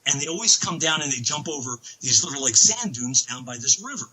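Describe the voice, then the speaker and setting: Excitable rambling man, bright husky voice. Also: mid-range voice, fairly quick, poor audio. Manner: excitable, rambling with many restarts. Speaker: podcast guest. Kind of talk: casual storytelling.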